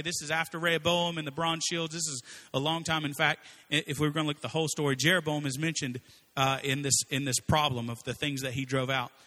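A man preaching a sermon in a casual, conversational way, acting out quotes as he tells stories. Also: fairly high pitch. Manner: conversational, animated storytelling with acted-out quotes.

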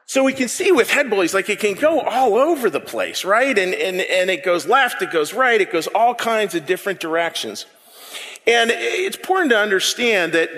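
A man preaching a sermon, animated and repeating words as he builds his point. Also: high-pitched, big-room sound. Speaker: pastor.

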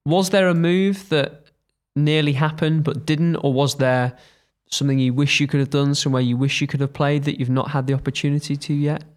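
A man's voice: a little high, flat delivery, brisk. A man hosting a club podcast, asking questions and adding brief agreeing interjections. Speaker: podcast host.

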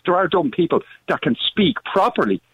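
A man originally from the Netherlands calling in to a radio show, blunt and opinionated, with a husky voice over a tinny phone line. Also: high-pitched, sing-song, a little fast, a bit bright. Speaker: caller. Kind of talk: phone-in call.

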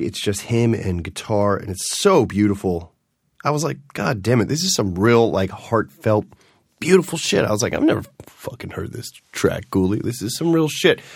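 A man hosting a podcast in a casual, rambling monologue, animated and swearing freely as he jumps between topics. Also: on the low side, no echo, clean studio sound. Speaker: podcast host.

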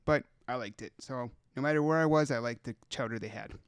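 A man's voice: medium pitch, a little fast, clear, resonant tone, dry recording, studio quality. Laughing man, casual podcast. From Minnesota. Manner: laughs often, rambling storyteller. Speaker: podcast co-host. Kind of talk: casual chat.

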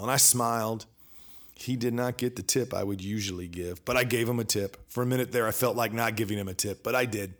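A man's voice: fairly low pitch, moderate pace. Chatty male podcast host telling a story. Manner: animated, conversational, acts out both sides of exchanges. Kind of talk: casual storytelling monologue.

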